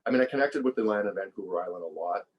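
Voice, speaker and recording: Deep-voiced man, reflective and relaxed. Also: racing, highs cut off. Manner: relaxed, reflective, repeats words while thinking. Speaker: podcast guest, former survival show contestant. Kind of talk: casual conversational interview.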